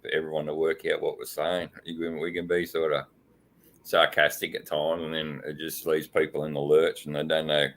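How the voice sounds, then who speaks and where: A man's voice: extremely low pitch, little pitch movement, moderate pace, a bit bright. An Australian man hosting a casual live-stream chat, rambling with lots of fillers and frequent laughs. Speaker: host.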